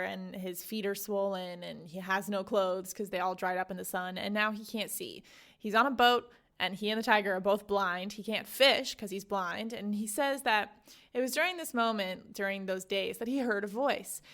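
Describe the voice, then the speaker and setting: A woman's voice: medium pitch, a bit bright. A young woman hosting a podcast, retelling a novel in a chatty, casual way full of fillers. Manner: chatty, lots of "like", storytelling. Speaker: podcast host. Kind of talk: casual book summary.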